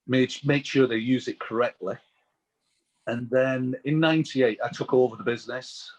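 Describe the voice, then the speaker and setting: A British man, a business owner as interview guest, telling anecdotes in a chatty, animated way. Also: medium pitch, rough recording.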